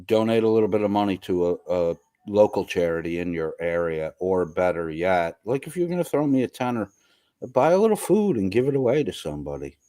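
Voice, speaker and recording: A congested man with a sore throat runs a casual livestream. He reads chat comments aloud in a profane, rambling way. His voice sits low, and the sound is dry and close. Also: big pitch swings, a little fast, dark tone, no echo. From US East Coast. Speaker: livestream host. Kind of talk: casual live-stream chat reading comments.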